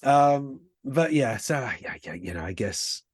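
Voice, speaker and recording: A British man, a singer guest, talking in a relaxed interview and telling stories with lively ups and downs. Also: slightly rough, dry recording, clean studio sound. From Britain. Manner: chatty, animated storyteller with quick bursts of pitch. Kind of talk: casual interview chat.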